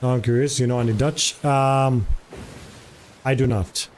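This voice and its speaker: A man's voice: medium pitch, fairly even intonation, unhurried, a little mellow, slight background noise. Chatty, rambling male streamer. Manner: rambling, chatty, many fillers, answers chat. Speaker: live streamer. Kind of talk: casual stream chat.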